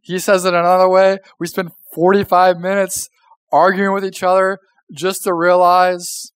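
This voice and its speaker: A young man gives a casual sermon from a church stage, talking to his listeners as if in conversation and dropping jokes and questions. His voice sits on the higher side. The sound is dry and close, with little room echo. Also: little pitch movement, moderate pace, clean tone. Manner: conversational, joking, asks the audience questions. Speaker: pastor.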